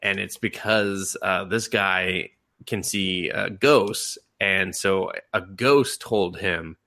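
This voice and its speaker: A man's voice: sits low, takes it slowly, bright, forceful tone. A man hosting a podcast, casually and animatedly recapping an anime, laughing and acting out the characters' lines. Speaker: podcast host.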